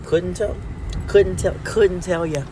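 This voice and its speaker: A man's voice: fairly even intonation, slow pace, noisy background. A young man telling a jokey, playful storytime. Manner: playful, jokey storytelling with sudden pitch jumps. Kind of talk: comic storytime.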